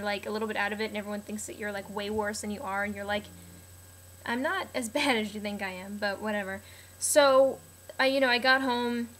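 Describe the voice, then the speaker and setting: A woman's voice: a little high, a bit bright, slight background noise. Chatty young woman telling a story. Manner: chatty, rambling, lots of "like" and restarts. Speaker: vlogger. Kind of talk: casual storytelling to camera.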